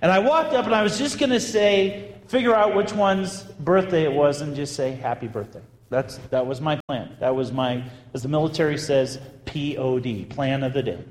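Priest preaching in an echoing hall. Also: male voice, on the high side, normal speed, hardly any pauses. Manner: animated, conversational storytelling with bursts of emphasis. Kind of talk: storytelling sermon. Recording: echoey hall with long reverb.

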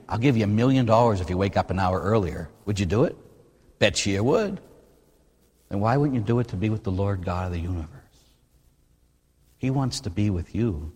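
A man, a priest, preaching a sermon in an animated, conversational way full of rhetorical questions. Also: fairly low pitch, slightly rough. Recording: long reverb in a large hall.

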